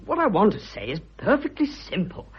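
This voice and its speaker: An actor playing a blunt, boyish young man declaring his love, with a husky voice, in a vintage radio drama. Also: sits high, wildly swooping pitch, fairly quick, full character voice. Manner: bluff, fervent, stammering when moved. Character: eager young male suitor, blunt and boyish. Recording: dull lo-fi old radio recording.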